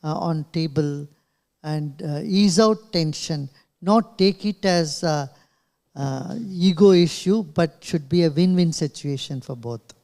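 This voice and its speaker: A man's voice: a little high, slow, a little mellow. A man with an Indian English accent answering questions at a press club in short, earnest phrases. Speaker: guest speaker, spiritual leader.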